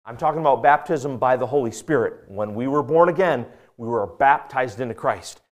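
Preaching to his congregation, this man hammers home his main phrases, poses questions to the listeners, and moves between forceful emphasis and soft asides. He has a medium-pitched voice and keeps a moderate pace.

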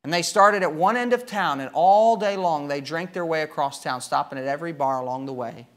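A man preaching a sermon, telling a story with emphatic swings between loud and quiet. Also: on the high side, fairly quick.

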